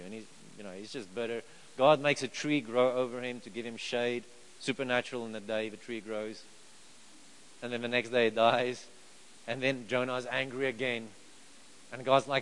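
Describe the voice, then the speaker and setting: Poor audio captures a man preaching in a medium-pitched, fairly bright voice, speaking fairly quickly with fairly even intonation. Chatting with the congregation, he throws out rhetorical questions and chuckles while telling the story.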